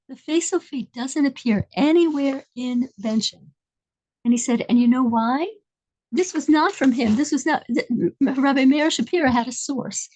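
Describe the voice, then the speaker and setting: High-voiced woman telling a meandering story. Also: darkish tone, low-quality recording. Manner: meandering, searching for details. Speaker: speaker telling an inspirational story. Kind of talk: conversational storytelling lesson.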